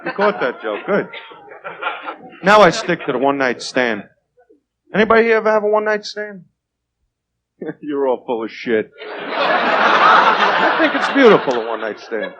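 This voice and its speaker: A man's voice: on the high side, very animated, unhurried, long pauses, lo-fi sound, background noise. A man doing a crude, swaggering stand-up routine who keeps asking the crowd "right?", heard on an old 1980s TV tape. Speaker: stand-up comedian. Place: comedy club stage.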